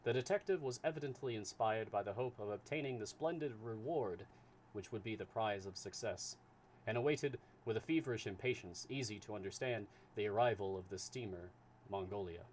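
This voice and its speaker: A man narrating a classic novel in a steady, plain live reading. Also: fairly low pitch, a little fast, a little hiss or hum. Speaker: storyteller.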